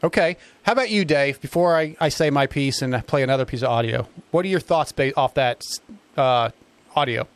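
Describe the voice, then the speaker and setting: A man's voice: mid-range voice, a little fast, clean tone. A man hosting a motocross talk show, casually leading his guests through the discussion. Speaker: podcast host.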